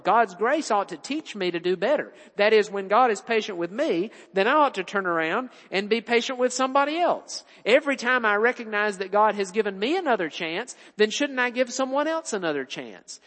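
A man's voice: sits high, a bit bright, in a large hall. A man preaching a sermon in an earnest, explanatory way, quoting and explaining scripture.

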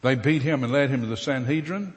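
Male preacher, mid-range voice, theatrical retelling with loud peaks and quiet asides, long reverb. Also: medium pitch, fairly quick. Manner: dramatic, acts out voices, shifts from loud bursts to hushed asides. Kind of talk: sermon storytelling.

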